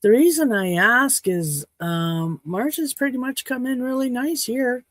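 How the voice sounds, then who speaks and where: A woman from Saskatchewan hosting a casual livestream chat at home, rambling and frank, her throat a little hoarse. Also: a little high, lively intonation, unhurried, no echo. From Saskatchewan, Canada. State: slightly hoarse throat after choking. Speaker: livestream host. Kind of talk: casual chat to a live audience.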